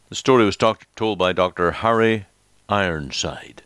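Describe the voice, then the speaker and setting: A man's voice: low voice, moderate pace, a bit bright, clear, resonant tone, no echo. A man preaching a sermon, telling an illustrative story and then encouraging his listeners.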